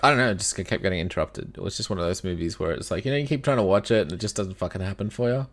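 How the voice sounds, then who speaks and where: A man's voice: low-pitched, very fast. A man with an Australian accent, co-hosting a casual film review chat with dry, profane humor. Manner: dry, joking, swears freely. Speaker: podcast co-host.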